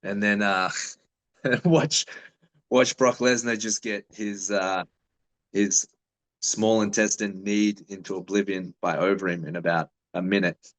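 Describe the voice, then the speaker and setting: A man in his thirties talks in an easygoing, slightly low voice, swearing freely as he rambles through stories. He is a fighter chatting casually in an interview, unhurried and offhand. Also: fairly even intonation, fairly bright tone, rough recording. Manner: laid-back, swearing storyteller.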